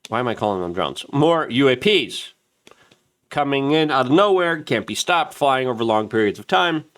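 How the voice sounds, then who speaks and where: A man with a voice of middling pitch delivers opinion commentary straight into his camera. He talks in a quick, excited, emphatic rant, hammering his points through repetition. Now and then he jumps into raised, mocking voices to mimic other people. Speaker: online news show host. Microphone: camera-mounted.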